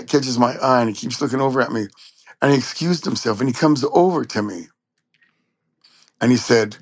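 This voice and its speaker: A man from Long Beach, California, a trumpet player telling lively anecdotes in a casual interview. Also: mid-range voice, no echo. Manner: animated anecdotes, acts out quoted voices.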